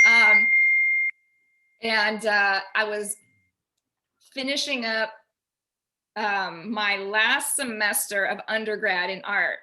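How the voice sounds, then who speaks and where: A woman on a video call at home, telling a personal story in an animated way and quoting herself and others. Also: medium pitch, takes it slowly, long pauses. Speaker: featured artist guest. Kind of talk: casual video call discussion.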